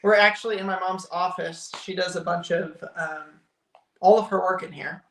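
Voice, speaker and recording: A young man chatting casually on a family live stream, easygoing and quick to laugh. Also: high-pitched, steady tone, a bit bright, a little hiss or hum. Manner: easygoing, laughs often, talks over partner. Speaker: vlog co-host. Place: home office room. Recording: roomy echo.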